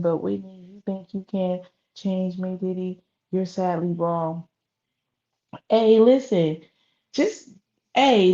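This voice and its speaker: A woman doing casual live-stream gossip commentary, profane and animated, laughing often. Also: medium pitch. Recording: slightly dull lo-fi audio.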